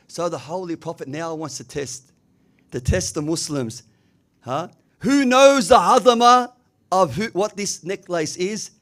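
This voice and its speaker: Man, preacher, high-pitched, emphatic sermon, rhetorical asides, Arabic phrases mixed in. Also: expressive, unhurried, pauses often, a bit bright. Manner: emphatic storytelling with frequent rhetorical "huh?" asides; mixes English with Arabic religious phrases. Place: community religious hall.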